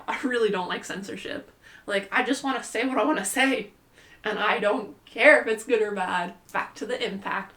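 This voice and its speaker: Chatty and irreverent, this young woman rambles through a casual vlog, sprinkling "like" into nearly every line in a playful way. Her voice is medium in pitch with a sharp tone.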